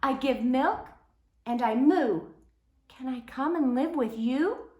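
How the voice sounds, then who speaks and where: A woman's voice: high voice, slow, darkish tone, reverberant, pitched above the performer's own voice. A woman playing a timid, sad little cow. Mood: plaintive. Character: timid gentle female cow.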